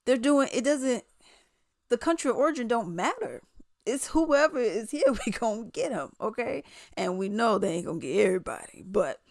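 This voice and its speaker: A woman giving casual commentary, sarcastic and animated, often mimicking others in quoted voices. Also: medium pitch, no echo, studio quality. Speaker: commentary vlogger.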